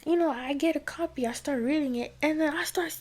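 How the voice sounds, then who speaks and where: A woman's voice: high voice, a little fast, a little mellow. A young adult woman telling a personal faith story in a casual, chatty way, often dropping to a near-whisper. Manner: chatty, heavy use of "like" and "y'all", often drops to a near-whisper. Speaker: vlogger sharing a faith testimony.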